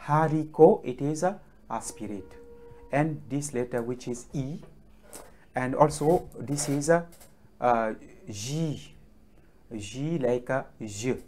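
A man teaching pronunciation, speaking slowly and haltingly with many fillers and repeated drill words. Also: medium pitch, animated, a little mellow. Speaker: French teacher. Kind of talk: classroom lesson on the alphabet.

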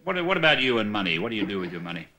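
A man's voice: fairly low pitch, very animated, very fast, bright, forceful tone. An Australian man in the audience asking the comedian a question. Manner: asks the comic a question from the crowd. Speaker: audience member. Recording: distant, hissy audience pickup.

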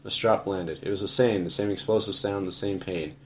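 A man narrating an audiobook in a flat, matter-of-fact first-person telling. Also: sits low, a little fast, slight background noise.

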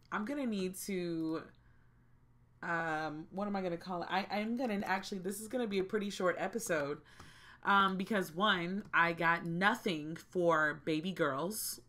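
Woman host, casual game commentary, lower voice, slow and drawn-out, exasperated repeats. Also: sharp tone. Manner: exasperated, repeats herself, talks to viewers directly. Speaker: gaming channel host.

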